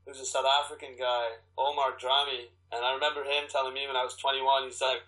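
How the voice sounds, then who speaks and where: A man's voice: medium pitch, flat delivery, quick pace, sharp tone, rough recording. A man from Canada, an actor and guest, telling a rambling, profane story full of restarts. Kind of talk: animated storytelling.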